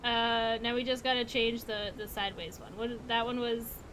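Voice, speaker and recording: A woman's voice: fairly high pitch, little pitch movement, normal speed, a bit bright, slight background noise. A woman streaming a puzzle game, muttering to herself and swearing in exasperation. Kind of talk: casual gameplay commentary.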